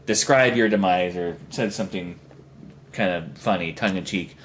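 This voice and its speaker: Speaking low and at a moderate pace, a young man co-hosts a podcast with slight background noise. It's casual, rambling banter full of jokes and silly put-on voices.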